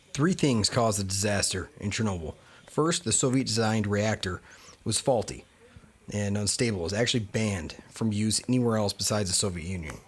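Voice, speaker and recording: A man's voice: lowish voice, husky. A man hosting a travel vlog, talking casually with wry, candid asides. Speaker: travel vlogger.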